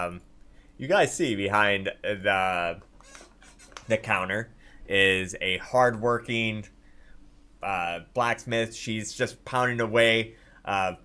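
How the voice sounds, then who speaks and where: A man narrating a tabletop game as dungeon master in a casual, halting way with many fillers. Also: lowish voice, sharp tone, clean tone.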